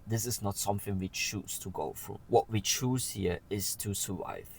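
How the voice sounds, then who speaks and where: A man talking earnestly and with feeling in a personal vlog, pausing often to say "okay". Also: fairly low pitch, vocal fry, a little hiss or hum, low-quality recording. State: emotional. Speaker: vlogger.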